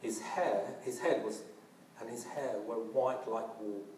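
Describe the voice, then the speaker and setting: A man's voice: medium pitch, slow pace, a little mellow, slight background noise. A man preaching a sermon earnestly, often restarting and using fillers. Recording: roomy, from a distance.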